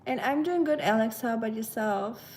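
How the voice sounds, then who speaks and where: A woman's voice: a little high, brisk, crowd noise. A woman hosting a casual live stream while cooking, chatting with viewers and answering chat, with a slightly nasal, stuffy sound, recorded on a propped-up phone in her home kitchen. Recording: echoey kitchen with clear cooking noise.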